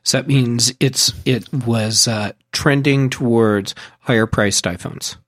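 A man's voice: medium pitch, takes it slowly, no echo, studio quality. A man co-hosting a casual tech podcast, mostly chiming in with short questions and replies. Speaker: podcast co-host.

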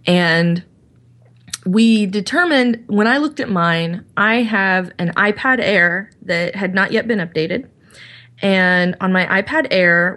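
A woman's voice: medium pitch, slow, a bit bright. A woman co-hosting a casual tech podcast, chatty as she explains things step by step. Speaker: podcast co-host.

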